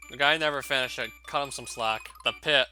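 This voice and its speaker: A man's voice: mid-range voice, a little fast, pushed and bright, faint music behind. A young man giving casual, wry gameplay commentary, often laughing and reading on-screen text aloud. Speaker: let's play commentator.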